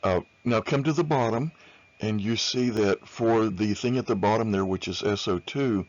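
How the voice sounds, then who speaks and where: A man's voice: on the low side, moderate pace, lo-fi sound. A man lecturing on chemistry over slides in an informal way, with many fillers, often repeating key points.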